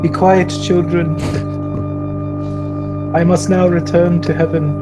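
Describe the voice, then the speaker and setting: A man's voice: flat delivery, slow pace, over loud music. Jesus, as a man puts on a solemn voice with a slight Indian accent. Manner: solemn, preachy, sings in falsetto. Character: solemn risen Jesus, adult man, gently commanding.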